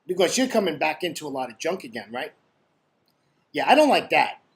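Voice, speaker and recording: A man's voice: on the high side, sing-song, fairly quick. A man giving casual trading commentary over his screen, chatty and blunt, joking and constantly asking "right?". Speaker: forex trading educator.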